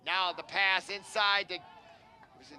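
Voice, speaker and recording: A man doing live play-by-play commentary at an outdoor game, chatty, with asides, and he gets louder on big plays. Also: high voice, measured pace. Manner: chatty, rising excitement on plays, digressive asides. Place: outdoor sports field.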